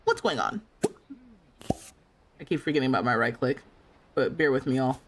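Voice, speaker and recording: A woman's voice: a bass voice, expressive, moderate pace. A young adult woman livestreaming a life sim game, chatting casually, reading chat aloud, laughing and talking back with playful indignation.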